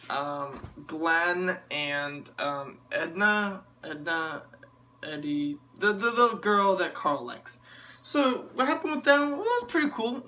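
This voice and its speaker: A bright, sharp-toned reviewer rambles through a casual TV episode recap at a middle pitch. The delivery is sarcastic and full of fillers, and keeps stopping to chuckle or search for character names.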